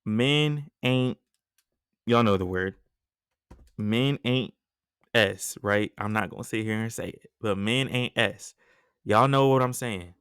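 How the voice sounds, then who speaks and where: A young man hosting a podcast, telling a story in a casual, slangy, animated way with lots of asides. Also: on the low side, slow, long pauses, clean tone, no room sound, studio quality. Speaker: podcast host.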